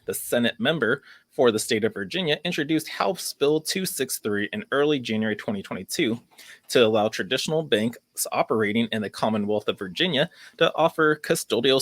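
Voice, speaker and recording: A man at an ordinary middle pitch hosts a casual crypto news vlog, reading from an article and stumbling over a word here and there. He mixes in sarcastic, uneasy commentary. The recording is dry and close, with no room echo. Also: fairly bright tone. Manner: sarcastic, worried, reads article aloud with stumbles. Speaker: crypto channel host.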